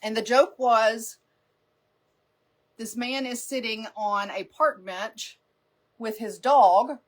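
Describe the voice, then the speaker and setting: A woman's voice: a little high, takes it slowly. A woman hosting a live makeup stream, chatting casually and rambling through stories with frequent laughter. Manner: rambling, chatty storyteller who laughs often.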